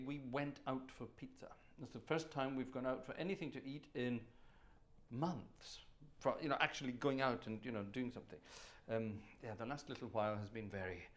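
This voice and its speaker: A man hosting a live organ concert stream from home, chatting in a genteel, slightly theatrical way. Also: mid-range voice. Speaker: organist and livestream host. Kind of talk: casual live-stream chat. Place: warm room at home with an organ.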